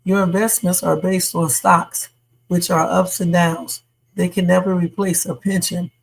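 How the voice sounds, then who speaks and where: Streamer hosting a casual news chat live; rough, husky voice, talks loosely to viewers. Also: medium pitch, level tone, measured pace, rough recording. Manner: chatty, reacts to news and reads viewer comments. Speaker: livestream host. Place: home streaming setup.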